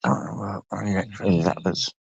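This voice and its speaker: A man's voice: sits low, normal speed, vocal fry, breathy edge, no echo. An older man with an English accent hosting a late-night livestream, rambling and greeting viewers by name, swearing freely. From England. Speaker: livestream host. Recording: dull lo-fi stream audio.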